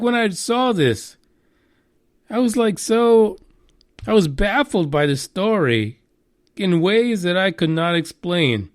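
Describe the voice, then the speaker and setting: A man hosting a live podcast, with a voice that sits a bit high for a man. He swears freely and jokes as he chats casually. The sound is dry, with no room echo. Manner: profane, joking, animated. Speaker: podcast host.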